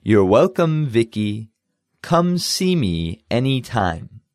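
An easygoing university professor talks with a student, as a man voices him in a language lesson dialogue. His pitch moves in a lively way while his pace stays slow and even. The recording is dry and close. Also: dry recording, soft background music. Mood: slow, clear. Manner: relaxed, friendly, reads lines then slowly repeats them. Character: friendly male university professor.

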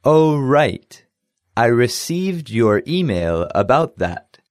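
Friendly professor voiced by a man, lively pitch, slow unhurried delivery, dry studio sound. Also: dry recording. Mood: slow, clear. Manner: relaxed, friendly, reads lines then slowly repeats them. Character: friendly male university professor. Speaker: voice actor in a language lesson dialogue.

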